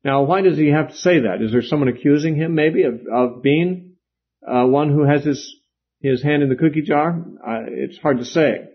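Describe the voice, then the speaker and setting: Husky man giving a casual Bible lecture. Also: fairly high pitch, moderate pace. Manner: conversational, with fillers and asides. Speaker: Bible teacher. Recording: dull, lo-fi lecture recording.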